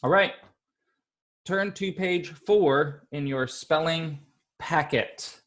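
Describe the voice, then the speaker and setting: A man's voice: on the high side, fairly bright tone, a little hiss or hum. Upbeat man teaching young kids. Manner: upbeat and encouraging, sounds out syllables slowly. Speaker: elementary school teacher. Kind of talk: teaching a class of young children.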